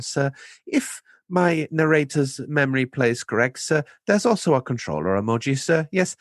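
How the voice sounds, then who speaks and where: A bouncy, excitable Italian-accented fan who tacks "sir" onto every sentence, his voice pitched high and swooping, as a man puts him on. The sound is close and dry, with no room around it. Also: no room sound. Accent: put-on Italian. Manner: sing-song, ends every sentence with "sir".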